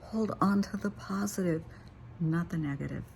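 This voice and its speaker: A woman's voice: fairly low pitch, moderate pace, creaky, darkish tone, a little hiss or hum. An older woman, a therapist, giving an earnest, plain-spoken motivational talk to her viewers.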